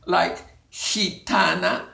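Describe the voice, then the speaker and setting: Patient woman teacher, slow and deliberate delivery, lots of room echo. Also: lowish voice, steady tone, vocal fry, sharp tone. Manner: deliberate, drawn-out, demonstrating sounds. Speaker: Spanish teacher. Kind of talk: slow, patient classroom instruction. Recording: echoey room.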